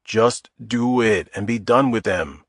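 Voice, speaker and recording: A man voicing a joking, easygoing man in his mid-forties in an audiobook, low and close. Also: slow, a bit bright, no echo, heavily acted. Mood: earnest. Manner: wisecracking, easygoing. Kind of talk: audiobook character voice.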